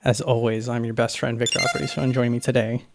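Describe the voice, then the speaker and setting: A man's voice: mid-range voice, level tone, quick pace, gravelly, background noise. A man hosting a casual podcast, opening the show and trading playful, jokey banter. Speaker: podcast host. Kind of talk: casual chat.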